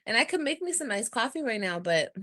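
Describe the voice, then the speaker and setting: A woman's voice: a little high, big pitch swings, bright, forceful tone, no room sound, studio quality. A woman in her thirties chatting casually on a livestream, tired, talking in a weary, sighing way. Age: 30s. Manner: weary, sighing, drawn-out talk. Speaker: livestreaming vlogger.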